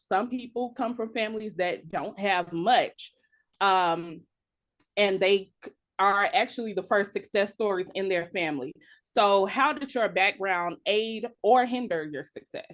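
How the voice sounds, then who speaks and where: A woman's voice: mid-range voice, measured pace. A woman hosting an interview show, talking in a bubbly, hyped, enthusiastic way. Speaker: host.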